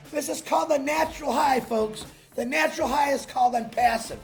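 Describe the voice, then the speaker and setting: A man hosts a solo livestream, pumping up his viewers with an excited, salesy pep talk that breaks into shouts. His voice sits very high and has a gravelly rasp. He talks into a laptop mic with faint music playing behind him. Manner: greets viewers by name from the chat. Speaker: livestream host.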